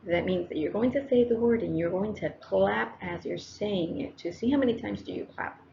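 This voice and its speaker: A woman's voice: mid-range voice, moderate pace, vocal fry, lo-fi sound, slight background noise. A woman teacher talking straight to her students on a close microphone, encouraging them and repeating each step. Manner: encouraging, talks to students directly, repeats steps. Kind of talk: recorded classroom lesson narration.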